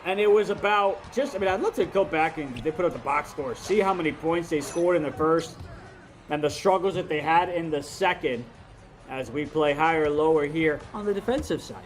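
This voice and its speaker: A man's voice: on the high side, normal speed, a little hiss or hum. A man co-commentating an esports basketball game, trading playful banter between play calls. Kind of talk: joking color commentary.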